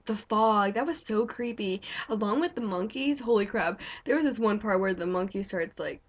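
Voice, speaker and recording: A young woman in casual chat, reviewing a film in an excited, gushing way with lots of "like". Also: medium pitch, normal speed. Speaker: vlogger reviewing a movie.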